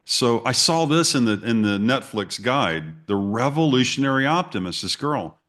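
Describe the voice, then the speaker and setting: A man's voice: mid-range voice, lively intonation, normal speed, fairly bright tone. A middle-aged man, a guest telling a story in a casual way and acting out his own reactions and emails. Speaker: interview guest.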